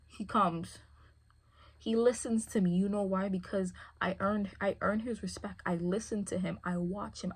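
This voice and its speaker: A woman's voice: mid-range voice, fairly even intonation, normal speed, breathy edge. A woman who handles a service dog, talking casually and rambling, often asking "you feel me". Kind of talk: casual chat.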